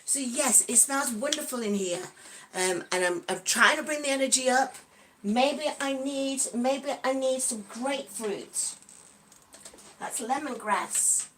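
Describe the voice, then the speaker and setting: A cheerful woman in her sixties chats on a live stream with a high, bright voice. She giggles between lines and greets her viewers one by one in a friendly, rambling way. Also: measured pace, a little hiss or hum. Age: 60s. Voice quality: giggly, breaks into snatches of song. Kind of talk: casual live-stream chat.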